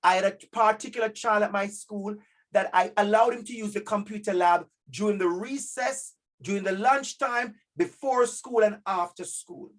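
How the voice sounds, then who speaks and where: A man with a Jamaican accent giving a lively workshop talk to parents over a video call, stressing key words by repeating them and calling out audience members by name. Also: high voice, normal speed. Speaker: keynote speaker at a parent conference.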